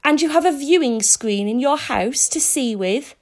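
A woman's voice: high-pitched, expressive, moderate pace, pitched above the performer's own voice. A woman voicing a cold, metallic robot police car that barks curt commands and questions in a storybook reading. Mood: interrogating. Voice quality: metallic, hissing.

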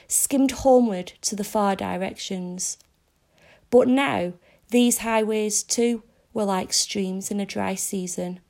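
A woman narrating a story aloud in a measured, descriptive reading. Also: mid-range voice, darkish tone.

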